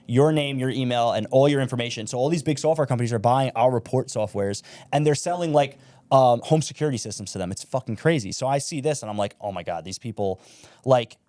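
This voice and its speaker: A man's voice: medium pitch, darkish tone, no echo. A young man, a podcast guest telling stories in casual talk, with plenty of swearing and filler words. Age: young adult. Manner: swears freely, storytelling, says like and bro.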